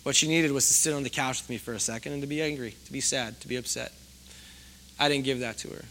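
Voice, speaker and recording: Bright-voiced man preaching a casual sermon. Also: mid-range voice, steady tone, fast, a little hiss or hum. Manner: conversational, self-deprecating, asks the audience questions. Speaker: pastor.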